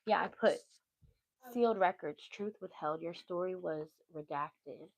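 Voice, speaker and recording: A woman's voice: on the low side, measured pace, a crowd in the background, rough recording. A woman giving a casual tarot reading on a livestream, chatty and easily sidetracked, with motherly asides. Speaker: tarot reader.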